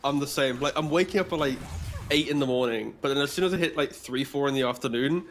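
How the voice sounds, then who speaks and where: A man who is a former coach, giving relaxed color commentary in an easygoing, chatty way and laughing along. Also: mid-range voice, fast talker. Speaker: esports co-caster, former coach.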